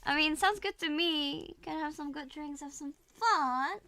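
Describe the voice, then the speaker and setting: A woman's voice: high voice, a little slow, pushed and bright, dry recording. A woman streamer chatting and reacting, giggly and teasing, repeating words playfully. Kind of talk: live-stream reaction chat.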